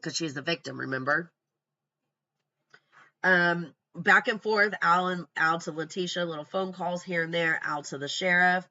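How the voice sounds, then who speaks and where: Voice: mid-range voice, normal speed, bright, forceful tone, dull audio. A true crime commentator going through a timeline from notes in casual talk, blunt and scornful, with profane asides.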